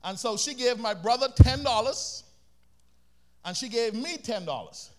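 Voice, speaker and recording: A man's voice: extremely high pitch, measured pace. A man from the Bahamas with a Bahamian accent, preaching a sermon energetically and calling on the congregation to repeat after him. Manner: energetic, calls for congregation responses.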